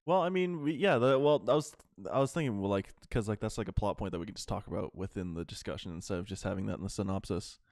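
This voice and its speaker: A man's voice: lowish voice, fast, few pauses, a little mellow, no room sound, studio quality. A man hosting a casual anime podcast, rambling through episode recaps with lots of fillers and swearing. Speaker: podcast host.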